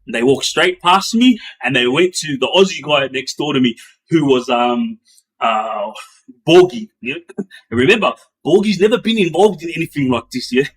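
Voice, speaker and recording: At a moderate pace, a middle-aged man who used to be in a gang tells prison stories casually and with animation. He acts out sounds and quotes in bursts of higher pitch, and his slangy speech is loaded with fillers and restarts.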